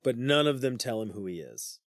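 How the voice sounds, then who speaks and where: A man retells an old myth for his podcast co-host in loose, profane slang, slipping into quick offhand voices for each character. His voice sits in an ordinary middle register. The recording is close and dry, with no room sound. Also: medium pitch, sing-song, no echo. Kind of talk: casual storytelling.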